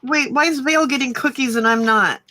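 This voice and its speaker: Bright chatty woman, giggly. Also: high voice, fairly quick. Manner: chatty, giggly, many ums. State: slightly husky morning voice. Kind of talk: casual chat.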